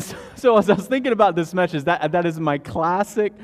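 Here a thirtysomething male pastor delivers his sermon quickly, barely pausing, in a slightly high and expressive voice. Casual stories and frequent restarts fill the talk, recorded in a church sanctuary with a lengthy hall reverb.

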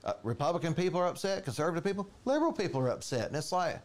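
A man preaching a conversational sermon in a church, animated and chatty, acting out quoted voices. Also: racing, few pauses. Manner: animated, storytelling, jumps to higher pitch for quoted voices. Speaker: pastor.

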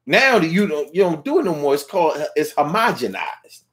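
A man's voice: a little high, big pitch swings, brisk. A man delivering a playful, slangy, rambling comedic monologue, at times mooing like a cow.

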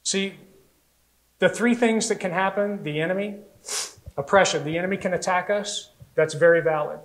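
An American man preaching a sermon as pastor, telling stories in an animated way and acting out little voices. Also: high-pitched, moderate pace, poor audio. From United States.

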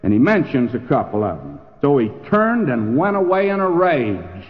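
A man's voice: mid-range voice, wildly swooping pitch, moderate pace. An older man preaching a sermon in an emphatic, folksy storytelling manner, acting out the quoted lines. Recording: dull lo-fi recording with hall reverb.

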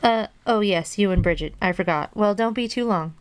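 A woman voicing a calm, easygoing mother in a children's storybook, unflustered and matter-of-fact. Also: medium pitch, moderate pace, clean tone, close to an everyday voice.

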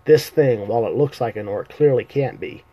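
A man's voice: mid-range voice, moderate pace, dark tone, lo-fi sound, lightly acted. A man voicing a suspicious male elf warrior in a live reading of a fantasy novel, questioning and scornful.

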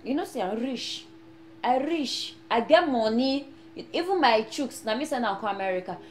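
An actress playing a brash young Nigerian woman just arrived in America, speaking with a Nigerian Pidgin accent and boasting loudly. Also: on the high side, expressive, moderate pace, natural voice. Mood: boastful. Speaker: newly arrived immigrant. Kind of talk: film acting. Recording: echoey room, faint noise.

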